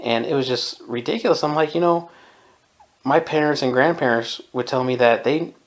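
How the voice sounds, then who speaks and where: At normal speed and medium pitch, this man hosts a casual podcast monologue full of his opinions. He's in his 20s and from Southern California, chuckles often, and mimics people's voices when quoting them.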